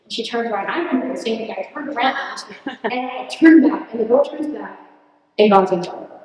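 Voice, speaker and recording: A young woman in her late teens giving an earnest, animated student presentation and answering questions, laughing at herself now and then. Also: on the high side, fairly quick. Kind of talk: presentation speech and Q&A. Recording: echoey hall, distant mic.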